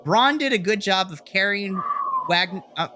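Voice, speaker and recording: A young man co-hosting a wrestling podcast, recapping a show as an excitable storyteller who swears and acts out reactions. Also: high voice, normal speed, noisy background. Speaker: podcast co-host.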